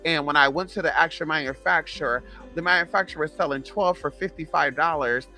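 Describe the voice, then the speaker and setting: A woman in her thirties telling a sassy, profane storytime in casual vlog chat, animated and gossipy. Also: low-pitched, fairly quick, soft background music. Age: 30s. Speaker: vlogger.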